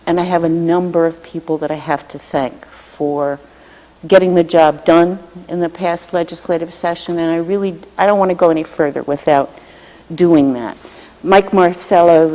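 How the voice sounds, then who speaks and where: A woman legislator and committee chair giving measured, thoughtful answers in a televised interview, often pausing with fillers. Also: low-pitched, mellow. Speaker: state representative and committee chair. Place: state house studio. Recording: reverberant room with long echo.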